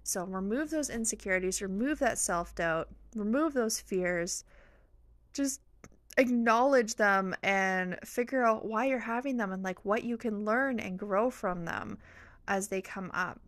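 A woman's voice: mid-range voice, a little slow, fairly bright tone, no room sound. Woman podcaster, earnest and encouraging, mid voice, dry. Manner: encouraging, earnest, faith-infused. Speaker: podcast host. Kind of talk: motivational podcast monologue.

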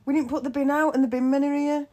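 Young woman, podcast co-host, quick teasing reactions. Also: high voice, fairly even intonation, warm tone. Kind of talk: casual chat.

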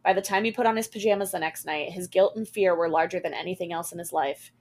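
A woman podcast host reading a scary story aloud, expressive, with small character voices. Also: fairly low pitch, fast.

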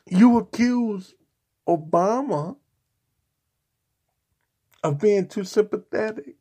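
A man's voice: high voice, takes it slowly, dark tone, slightly rough. A man delivering a sarcastic, mocking opinion rant on a vlog, hammering his points with repetition and insults. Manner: repetitive, emphatic rhetoric. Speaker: political commentator.

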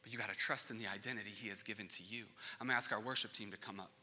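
A man preaching a sermon as pastor, telling a family story with lively acted-out voices and swinging between loud bursts and hushed passages. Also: on the low side, racing, a little hiss or hum. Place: large church auditorium. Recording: long reverb of a big hall.

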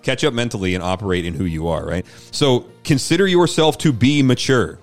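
A man's voice: mid-range voice, expressive, brisk, faint music behind. A man who is a pastor, talking casually and earnestly on a teaching podcast, encouraging listeners with lots of conversational fillers.

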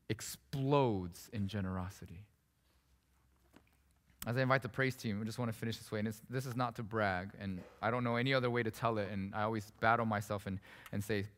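A man preaching a sermon as pastor, telling a personal story in an animated, conversational and emphatic way. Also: fairly low pitch. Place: church sanctuary. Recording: preached in a reverberant hall with soft guitar behind.

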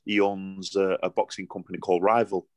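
A middle-aged Yorkshire man, a boxer, talks through his stories in a relaxed interview. His voice sits a little low, and the recording is close and dry. He rambles in broad dialect and keeps restarting his sentences. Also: a little fast, dry recording. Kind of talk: casual interview storytelling.

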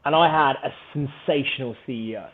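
A man, a podcast guest, telling a story in a casual, animated, self-mocking way and laughing often. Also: a little high, brisk. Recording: phone-like narrow band.

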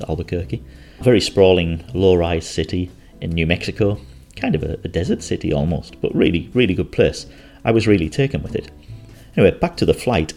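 Low-voiced man, chatty travel recollections. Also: darkish tone. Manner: chatty, rambling, corrects himself. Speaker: travel storyteller.

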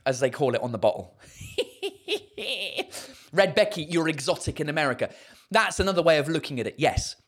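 A man's voice: fairly high pitch, a bit bright. A man with a southern English accent, a stand-up comedian chatting casually and answering viewers' comments in a self-mocking way. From England. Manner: chatty and self-mocking, many fillers and restarts.

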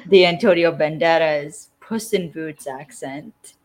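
A woman's voice: low-pitched, unhurried. A woman hosting a casual podcast, recapping a TV episode in a chatty way, laughing often and sounding a little tired. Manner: chatty, laughs often, trails off mid-sentence. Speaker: podcast host.

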